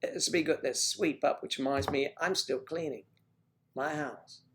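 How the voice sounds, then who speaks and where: A man's voice: on the high side, unhurried, fairly bright tone. Chatty man rambling on a livestream. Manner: chatty, joking, drifting between topics. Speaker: livestream host. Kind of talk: casual rambling chat. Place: at home.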